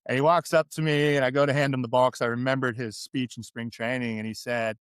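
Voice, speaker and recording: A middle-aged man from California, a podcast guest and former pro athlete, telling candid stories in an animated, chatty way. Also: medium pitch, fast, clean tone, no room sound, clean studio sound. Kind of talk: interview storytelling.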